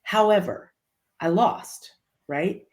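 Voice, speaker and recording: A woman's voice: mid-range voice, slow pace, darkish tone. A woman from Litchfield, Illinois, a podcast guest telling a motivational story and repeating her key phrases for emphasis.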